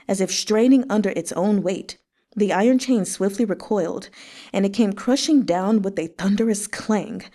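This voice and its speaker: A woman reading a novel aloud with expressive narration and emotional asides. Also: mid-range voice. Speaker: audiobook reader. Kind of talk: read-along narration with asides.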